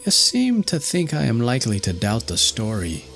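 A man's voice: medium pitch, wildly swooping pitch, moderate pace, creaky, a bit bright, soft background music, voice pushed up, heavily acted. A man voicing a cheerful, self-assured ship's doctor with a smug, triumphant way of talking.

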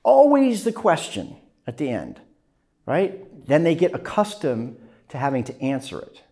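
A man teaching a class, lecturing in an animated way, often tagging his points with "right?". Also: on the high side, unhurried. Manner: animated, frequent "right?" tags, acts out phone calls. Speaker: journalism instructor.

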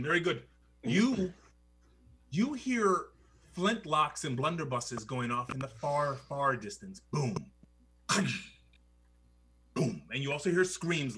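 Male game master, high bright voice, lively theatrical narration. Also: slightly rough.

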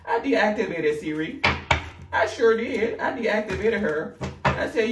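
A woman with a West African accent reading tarot cards in a lively, sassy way. Her voice swoops up and down as she teases and jokes. The recording sounds roomy and set back from the mic, with a faint hiss underneath. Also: normal speed, far from the mic. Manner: sassy and animated, with big swoops in pitch and laughter. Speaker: tarot reader. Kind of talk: casual tarot reading to camera.

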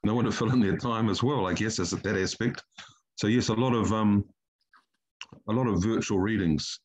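A male poet from New Zealand, reading his own poetry slowly and deliberately and then chatting about it. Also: fairly low pitch, slightly rough, low-quality recording.

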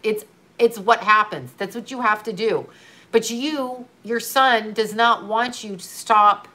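A woman's voice: on the high side, a little slow, pushed and bright. A middle-aged woman speaking as a grieving mother, giving earnest, urgent advice to another mother in casual, emotional talk with some swearing. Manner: earnest, urgent, repetitive coaching with occasional swearing.

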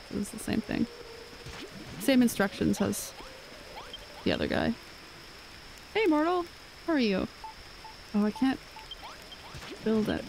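A woman's voice: medium pitch, vocal fry, darkish tone, a little hiss or hum, poor audio. A young woman streamer chatting casually while she plays, rambling with lots of fillers. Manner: rambling, filler-heavy chat. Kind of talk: casual gameplay chat.

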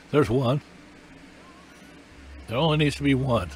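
A man delivering a sermon in a mid-pitched voice, hammering his points home through repetition. His voice climbs for emphasis and drops low for weight. A faint hiss of background noise sits under the recording. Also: slow pace, long pauses. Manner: emphatic, repetitive, rising and falling with emotion. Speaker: preacher.

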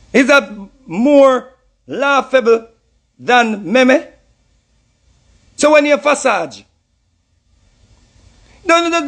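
A man's voice: very high-pitched, fairly bright tone. A man with a Jamaican accent, reacting to clips in heated commentary, repeating himself in an indignant, mocking way. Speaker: reacting artist.

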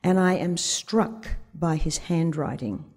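Woman, deep husky voice, mellow tone, storytelling talk on stage, quotes dialogue. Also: takes it slowly. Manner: vivid anecdote told with quoted dialogue. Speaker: conference speaker. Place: conference stage before an audience.

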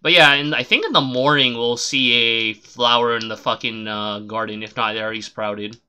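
A man streaming a game live, chatting casually and swearing a lot, rambling and then shouting suddenly at the game. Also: medium pitch, fairly even intonation, normal speed, clear, resonant tone. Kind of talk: casual live gameplay commentary.

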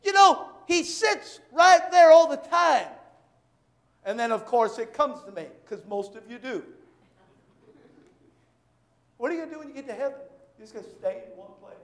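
High-voiced preacher in an echoey church. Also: male voice, expressive. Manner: emphatic, repeats lines, voices quick dialogue to make points. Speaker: pastor. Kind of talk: sermon.

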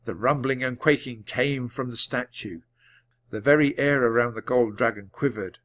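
A man narrates a children's book aloud in a measured, clear reading voice. His pitch sits in an ordinary middle range, and he keeps a steady natural pace for listeners learning the language. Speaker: audiobook reader. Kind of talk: storybook narration read aloud.

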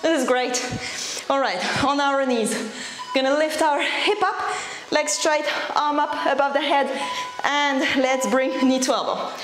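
A woman leading a workout as a fitness instructor, cheering people on with energetic cues while breathing hard. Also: sits high, unhurried. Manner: encouraging, energetic cueing, out of breath at times. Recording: echoey room.

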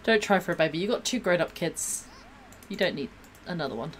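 A woman's voice: lowish voice, expressive, fairly quick, a little hiss or hum. A woman gives bubbly, gushing live-stream commentary while she plays a game, gasping and laughing often.

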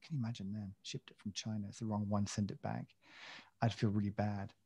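Gravelly rambling man in casual podcast chat. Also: fairly low pitch, level tone, brisk, dark tone. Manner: rambling and self-mocking, with many fillers and restarts. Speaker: podcast co-host.

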